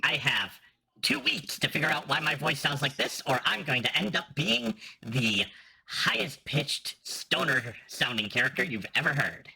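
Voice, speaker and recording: A man with a raspy voice in a casual chat after a tabletop session, wry and self-mocking. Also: on the high side, big pitch swings, normal speed, bright, forceful tone. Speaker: player. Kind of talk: casual post-game chat.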